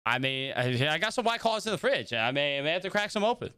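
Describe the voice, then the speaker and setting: A young male streamer rambles through casual chat with his viewers, his voice bouncing up and down in pitch. The sound is smooth and dry, with a fairly high voice. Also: very animated, fast, bright, forceful tone, no echo. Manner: rambling, chatty, greets and answers viewers. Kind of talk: casual livestream chat while gaming.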